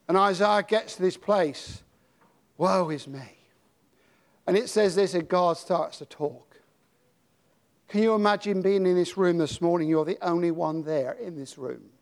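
An older British man preaching a sermon, dropping to a hush and then rising to dramatic shouts. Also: high voice, moderate pace, vocal fry. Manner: dramatic, swings from hushed to shouting.

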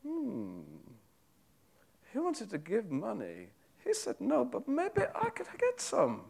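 A man preaching a sermon voices a scheming, greedy male servant who mutters slyly, his voice jumping high. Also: huge pitch swings, takes it slowly, creaky, a little mellow, husky, exaggerated voice. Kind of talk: sermon storytelling.

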